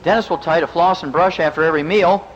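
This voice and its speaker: Fast-talking, joking Midwestern man lecturing. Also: on the high side, big-room sound. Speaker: veterinarian and physician giving a health lecture. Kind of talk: folksy lecture to a live audience. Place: lecture hall with audience. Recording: muffled lecture recording with faint hiss.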